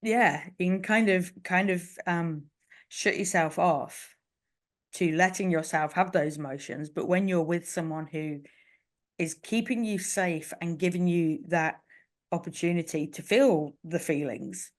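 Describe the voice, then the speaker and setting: A woman's voice: on the low side, measured pace. A woman co-hosting a podcast, talking earnestly and reflectively in casual chat, with lots of "you know" fillers. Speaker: podcast co-host.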